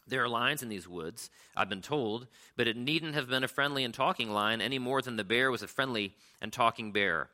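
A man's voice: mid-range voice, brisk, few pauses, pushed and bright. A man voicing a skeptical male dwarf in a storybook, dry and doubting.

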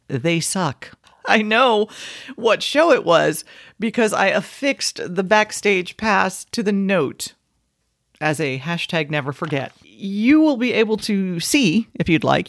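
A woman's voice: lowish voice, creaky. Self-mocking woman podcaster telling stories. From South Florida. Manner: self-deprecating, laughs at her own stories. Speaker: podcast host, former radio personality. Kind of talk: casual storytelling monologue.

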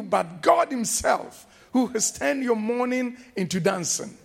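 A man preaching a sermon as pastor, slow and emphatic, repeating refrains and breaking into shouted exclamations. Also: extremely high pitch, expressive, vocal fry.

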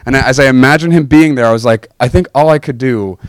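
A man preaching a personal testimony, telling his story earnestly and emotionally with big swings in pitch. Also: fast talker, no room sound, studio quality.

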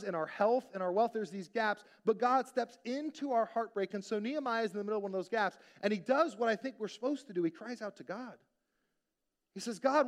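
Casting note: man with a high voice, pastor preaching a sermon, chatty, asks the room questions. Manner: conversational preaching, rhetorical questions, acted-out quotes.

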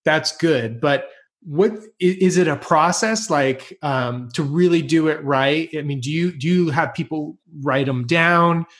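A man's voice: fairly high pitch, unhurried, a bit bright. A man hosting a podcast, curious and rambling, with frequent restarts. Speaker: host. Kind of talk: casual podcast conversation.

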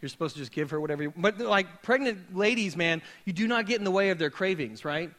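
Man preaching, thirties, high bright voice, storytelling with jokes to a congregation. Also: fast. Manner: casual, joking, animated storytelling. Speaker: pastor. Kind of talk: conversational sermon with humor. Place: church hall before a live audience.

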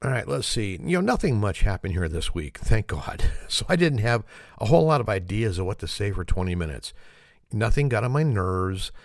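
A man's voice: on the low side, sing-song, normal speed, vocal fry, dry recording, clean studio sound. A man hosting his own podcast in a casual comedic monologue, chuckling at his own dad jokes in his morning voice. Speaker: podcast host.

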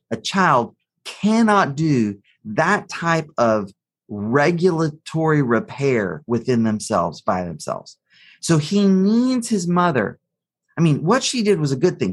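Man, husky, breathy edge, interview guest, storytelling explainer. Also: medium pitch. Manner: storytelling, acts out the quotes of the figures in the story. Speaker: expert guest explaining psychology.

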